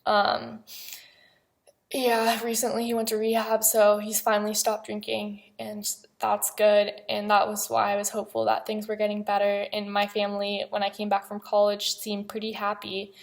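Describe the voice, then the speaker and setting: A young woman telling a personal story to her vlog in a halting, hesitant way, with many pauses. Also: medium pitch, completely flat delivery, vocal fry. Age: young adult. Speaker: vlogger.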